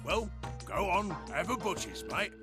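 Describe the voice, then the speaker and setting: A man's voice: high voice, sing-song, measured pace, over music. An actor playing a chatty, grumbling male robot with a Cockney accent in a video game, full of slang and friendly jabs. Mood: chummy. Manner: slangy, chummy, grumbles about his personality.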